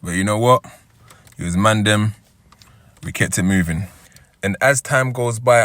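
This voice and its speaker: A man's voice: on the low side, fairly bright tone, dry recording. A London man in his thirties telling his own story in a conversational way, often checking in with "yeah?". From East London. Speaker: storyteller and football club founder. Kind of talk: first-person storytelling.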